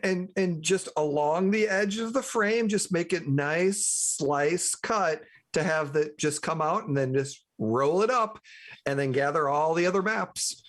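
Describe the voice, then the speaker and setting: A man plays a tabletop game in a higher voice. He lays out his character's actions plainly and matter-of-factly. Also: unhurried, a bit bright. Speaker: player.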